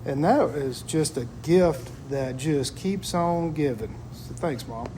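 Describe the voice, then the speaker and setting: A man's voice: on the high side, takes it slowly, warm tone, slight background noise. A man talking in a casual chat, telling stories about his family in an earnest, reflective way.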